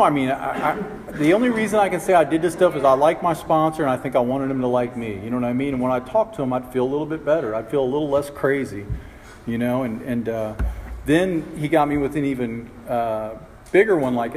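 A man's voice: mid-range voice, a little mellow. A man telling his recovery story to a group, in a humorous, rambling way with lots of "you know". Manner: self-mocking, rambling, full of "you know". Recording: echoey hall with faint background noise.

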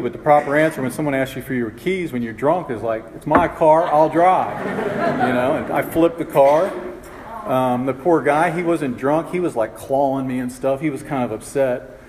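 A man's voice: a little high, very noisy. A man in his fifties telling his own recovery story to a group, rambling and self-mocking, with lots of "you know" fillers. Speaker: speaker sharing his story. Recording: reverberant hall with faint ambience.

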